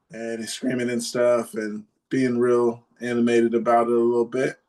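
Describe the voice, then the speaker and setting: A man's voice: medium pitch, normal speed, few pauses. A man co-hosting a podcast, telling a story in a rambling, casual way with lots of fillers. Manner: rambling, many fillers, animated retelling. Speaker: podcast co-host.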